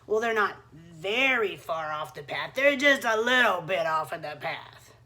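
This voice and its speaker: A woman voicing a tricky, smooth-talking male wolf in a told story, with a drawling, coaxing manner. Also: lowish voice, animated, a little slow, bright, forceful tone, pitched below the performer's own voice.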